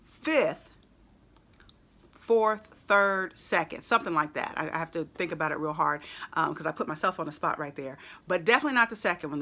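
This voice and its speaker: A woman's voice: on the low side, sharp tone. A woman casually explaining song lyrics to her viewers, chatty and explanatory, with plenty of fillers.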